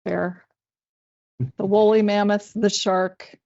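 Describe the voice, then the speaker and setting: A woman's voice: mid-range voice, level tone, takes it slowly, creaky, darkish tone. Brief: dry, teasing female co-host, casual podcast chat, lo-fi sound. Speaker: podcast co-host and rodeo journalist. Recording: dull lo-fi sound.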